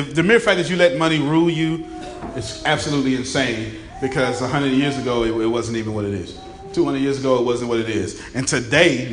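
Raspy emphatic male seminar speaker. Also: on the high side, a bit bright, a little hiss or hum. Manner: emphatic, repeats key phrases, quizzes the audience. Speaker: motivational speaker. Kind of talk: interactive seminar talk. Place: room with a live audience. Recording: echoey room, faint ambience.

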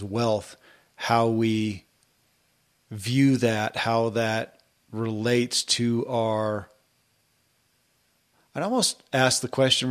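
A man hosting a podcast interview, phrasing his questions slowly and thoughtfully. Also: medium pitch. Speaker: podcast host. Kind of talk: interview conversation.

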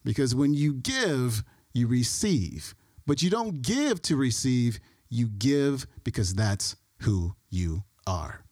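Male podcast host, slow and emphatic, lively pitch, dry close sound. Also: dry recording. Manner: deliberate, emphatic build-up. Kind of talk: scripted episode introduction.

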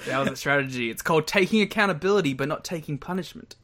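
A man's voice: fairly high pitch, fast, bright, forceful tone. A man co-hosting a podcast in casual chat, jokey and playing at mock outrage. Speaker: podcast co-host.

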